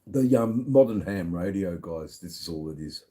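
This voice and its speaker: Drunk man hosting a live stream: a very low, dark, mellow voice, slurred and rambling. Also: animated, normal speed. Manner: rambling, slurred, with lots of fillers. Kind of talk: casual live-stream chat. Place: sitting at a bar.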